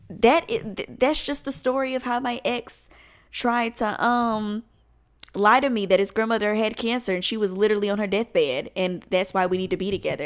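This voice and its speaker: A woman in her twenties spins a storytime for her vlog in a lively, comic way, swearing freely. Her voice sits at a middle pitch, and her delivery is animated and expressive. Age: 20s. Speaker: vlogger.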